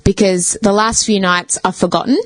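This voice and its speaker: Woman, podcast guest, rambling anecdote, salty language, mid-pitched, dry studio sound. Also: fairly even intonation, normal speed, no room sound, poor audio. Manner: chatty, swears freely, fills with "like". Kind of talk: casual storytelling.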